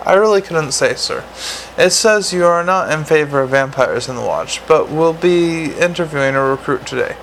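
A man's voice: on the high side, animated, normal speed, a bit bright, a little hiss or hum, low-quality recording. A man reading the part of a polite, unflappable male butler, speaking formally and deferentially.

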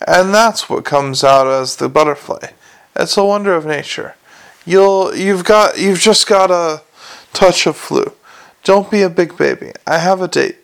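A sharp-tongued young noblewoman, bossy and scornful, who scolds and waves things away, as a male narrator puts her on. She sits a little higher than the reader's own voice, with a gravelly edge underneath. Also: a little slow, heavily acted. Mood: scolding. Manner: scolding, impatient, dismissive. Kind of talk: audiobook character reading.

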